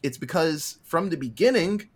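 A young male podcast host chatting loosely through a movie's story. His voice sits a touch higher than most men's, and his delivery is relaxed and peppered with curse words. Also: moderate pace, slightly rough. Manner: laid-back, swearing, acts out characters' lines. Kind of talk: casual chat retelling a film plot.

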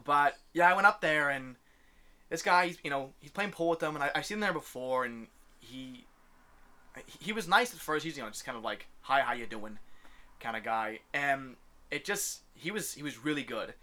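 A young man with a bright, forceful voice pitched a little high, spinning a profane, ranting story in casual chat. He laughs easily between lines. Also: expressive, moderate pace.

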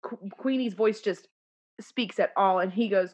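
A woman's voice: medium pitch, a little slow, dull audio. A woman chatting casually, acting out lines as she recounts a scene. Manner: animated, acts out lines while recounting. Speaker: podcast co-host discussing a musical. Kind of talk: casual chat, quoting lyrics.

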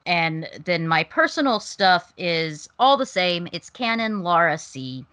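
Young woman podcast guest, bright and forward tone, relaxed and chatty. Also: lowish voice, measured pace. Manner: relaxed, chatty, with soft fillers. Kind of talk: casual podcast chat.

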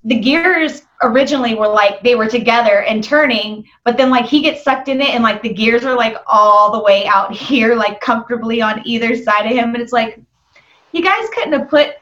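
A woman with a fairly high voice talks loosely, stacking up fillers and breaking into laughs. The audio is dull and lo-fi. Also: normal speed, fairly bright tone. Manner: rambling, laughs a lot, lots of "like". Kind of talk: casual movie review chat.

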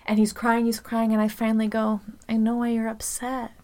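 A woman's voice: on the high side, monotone, fairly quick, darkish tone. A woman co-hosting a podcast, telling a story in casual chat with lots of "like" and frequent laughter. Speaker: podcast co-host.

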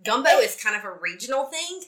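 A woman's voice: on the high side, sing-song, brisk. A woman in her thirties with a Southern American accent hosting a family podcast, chatty and wry, her voice stuffy from a cold. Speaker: podcast host, mother. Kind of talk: casual podcast chat.

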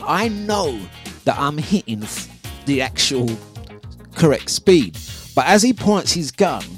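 A man, hosting a breakfast radio show and telling a story in a lively, casual way, acting out his own quotes. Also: fairly high pitch. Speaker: radio host. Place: radio studio.

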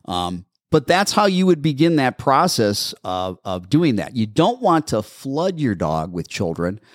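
Man, dog trainer, advice show, patient and instructive, slightly hoarse, dry close mic. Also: medium pitch, very animated, a little slow, no echo. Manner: patient, instructive, repeats steps. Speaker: dog trainer answering listener questions. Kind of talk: advice show, answering questions.

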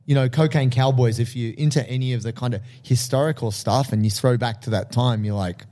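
A man in loose, animated conversation about films, his voice warm and mellow rather than bright. He swears freely and jumps into acted-out movie lines with excitement. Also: mid-range voice, fairly quick, hardly any pauses. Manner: animated, swearing, acts out film quotes. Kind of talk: casual movie chat.

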